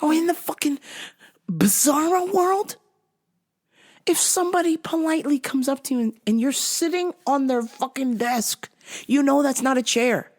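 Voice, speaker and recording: A woman's voice: high voice, moderate pace, a little mellow. A woman hosting a podcast, telling a story casually with plenty of swearing and acting out both sides of an argument. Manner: profane, exasperated retelling; acts out both sides of a quarrel. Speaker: podcast host.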